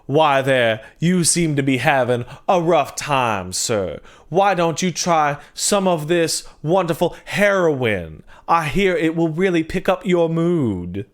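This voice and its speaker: A man putting on a smarmy old-fashioned country doctor with a thick Louisiana drawl, who offers heroin like candy. He speaks slowly and sweetly in a syrupy, genteel way, and the voice sits a little higher than a man's usual talk. It sounds like a quick bit of mock radio-play acting. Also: lively intonation. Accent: Louisiana put-on.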